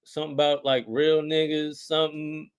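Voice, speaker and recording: A middle-aged man, a rapper guest in a casual interview, talking in a relaxed, rambling way with lots of slang and filler words. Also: a little high, normal speed, clean tone.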